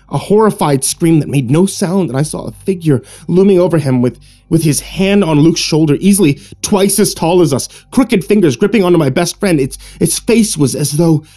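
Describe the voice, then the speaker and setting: A man narrating a horror story in a hushed, suspenseful storytelling manner. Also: fairly high pitch. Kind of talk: scripted narration.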